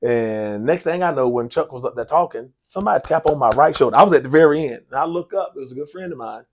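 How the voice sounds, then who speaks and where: Man, coach telling a story, lively voice, talks to listeners directly. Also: mid-range voice, fast, highs cut off. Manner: animated storyteller, acts out dialogue, frequent repetitions and "y'all". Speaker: head basketball coach, interview guest. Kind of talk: storytelling in a sports talk interview.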